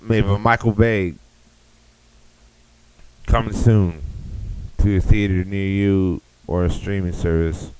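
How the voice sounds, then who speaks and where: A young man with a deep, low voice hosts a podcast and riffs through a crude comic rant. He rambles, swears freely and keeps circling back to the same catchphrase. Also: fairly even intonation, takes it slowly, long pauses, darkish tone, clear, resonant tone, low-quality recording. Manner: rambling, profane, riffing. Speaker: podcast host.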